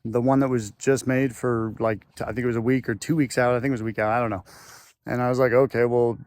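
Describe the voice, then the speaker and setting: A man's voice: mid-range voice, steady tone, quick pace, a little mellow. Rambling man telling a story. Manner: rambling, loose, with fillers and restarts. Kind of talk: casual storytelling to camera. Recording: faint background noise.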